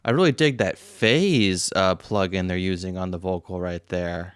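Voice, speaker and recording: Male reaction host, smooth low voice, enthusiastic mix-nerd commentary. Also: normal speed, few pauses, no echo, studio quality, faint music behind. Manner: enthusiastic, breaks down the audio production with plenty of fillers. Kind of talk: casual music reaction commentary. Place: seated indoors at home setup. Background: faint song playing.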